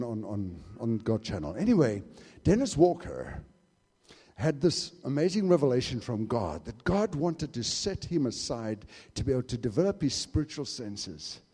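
A man preaching a sermon and telling a story, swinging from hushed asides to shouted exclamations. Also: medium pitch, husky. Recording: long hall reverb.

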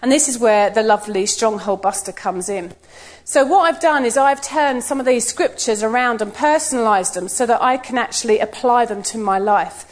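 Higher-voiced middle-aged woman preaching. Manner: lively storytelling, acts out quotes with laughs. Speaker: church speaker. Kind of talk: personal sermon talk.

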